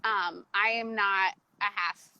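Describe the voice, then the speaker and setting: A woman's voice: mid-range voice, fairly even intonation, muffled recording, a little hiss or hum. A woman guest talking openly and emotionally about her personal change, in a chatty style full of "like"s. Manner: open, emotional, fast storytelling with many "like"s. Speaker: coaching client, guest. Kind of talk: casual interview chat.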